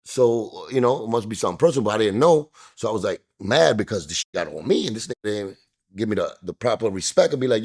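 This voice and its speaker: Husky New man telling a story. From New York. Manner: acts out quoted voices, jumping high and loud. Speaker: interview guest. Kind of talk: animated storytelling.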